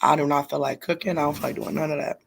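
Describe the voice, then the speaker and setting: A woman's voice: sits low, fairly even intonation, quick pace, gravelly, a little hiss or hum. A woman hosting a casual live chat from her bedroom at home, stopping often to scold and coo at her puppies. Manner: chatty, scolding her puppies mid-talk. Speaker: live stream host. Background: puppies moving about.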